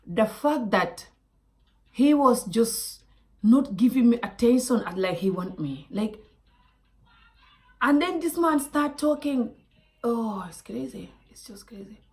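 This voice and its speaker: A woman from Africa telling a personal story to camera, animated, with quiet asides and whispers. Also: fairly high pitch. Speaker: vlogger.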